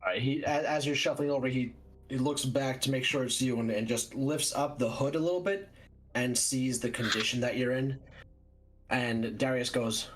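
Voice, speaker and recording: A man narrating as game master of a tabletop vampire game, describing action quickly with fillers. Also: mid-range voice, steady tone.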